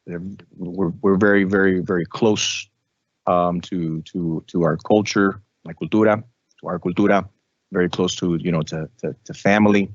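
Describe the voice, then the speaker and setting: A man, a radio host, talking as a guest in a casual interview, animated, with frequent restarts and repetitions. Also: low-pitched, normal speed, dry recording, lo-fi sound.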